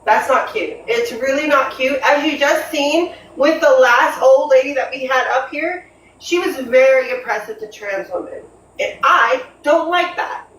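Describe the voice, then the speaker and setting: A woman's voice: high voice, a little slow, fairly bright tone. A woman from the United States on a casual live stream, talking bluntly and with sass. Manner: blunt, sassy. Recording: echoey room with faint noise.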